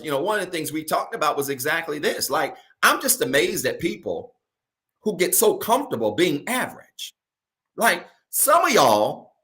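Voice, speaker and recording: A middle-aged pastor preaches a sermon, his pitch swinging up and down as he drives each point home. He is emphatic and repeats his key lines slowly so they land. He is a man from Virginia. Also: bright, forceful tone.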